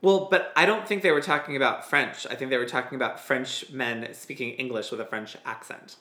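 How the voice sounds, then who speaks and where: A woman co-hosting a podcast, recapping a TV episode in a blunt, opinionated and excitable way. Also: a bass voice, a little fast. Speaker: podcast co-host. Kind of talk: casual recap chat. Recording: roomy echo.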